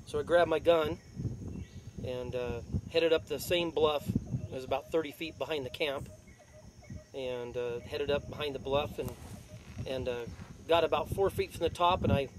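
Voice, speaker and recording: A man's voice: a little high, steady tone, a little slow, background noise. A man casually telling the story of his rattlesnake bite in an interview, rambling with many fillers. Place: outdoors in the desert.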